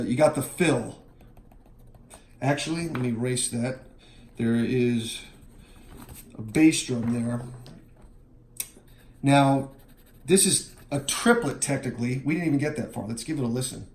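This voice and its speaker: A man explaining how to chart a drum part, counting beats out loud and scatting the fills. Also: mid-range voice, measured pace, long pauses, slight background noise. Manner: counts beats aloud and scats drum parts. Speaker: drum teacher. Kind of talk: instructional walkthrough. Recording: roomy, with music playing.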